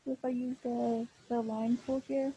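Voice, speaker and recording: A young woman teaching a class over a video call, explaining patiently and slowly with many fillers and restarts. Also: fairly high pitch, little pitch movement, dark tone, slightly rough, no room sound, low-quality recording. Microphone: computer mic on a video call.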